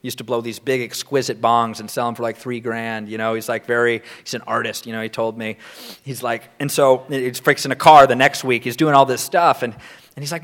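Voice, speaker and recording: A man sharing his recovery story as a sponsor, telling it candidly, acting out quotes and laughing through dark moments. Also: medium pitch, fairly even intonation, fairly quick.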